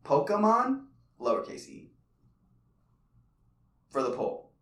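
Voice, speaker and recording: A man's voice: mid-range voice, very animated, moderate pace, fairly bright tone, roomy sound, far from the mic. A man co-hosting a casual podcast, teasing, with sudden outbursts. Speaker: podcast co-host. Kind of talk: casual chat.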